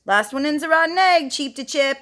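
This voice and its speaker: A woman voicing a boisterous, party-loving pig in a storybook reading, loud and high. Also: expressive, brisk. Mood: rowdy.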